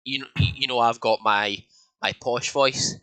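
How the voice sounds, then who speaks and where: A man's voice: medium pitch, steady tone, moderate pace, sharp tone, clear, resonant tone, poor audio. A young Scottish man co-hosting a casual podcast, rambling with many fillers and restarts. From Scotland. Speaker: podcast co-host. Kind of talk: casual chat.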